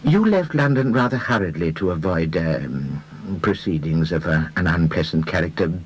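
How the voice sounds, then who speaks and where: A man voicing a gentle, precise middle-aged detective in an audiobook, with a husky tone and deliberate phrasing. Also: low-pitched, expressive, poor audio. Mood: gently stern. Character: mild middle-aged male detective, careful, polite. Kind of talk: audiobook character voice.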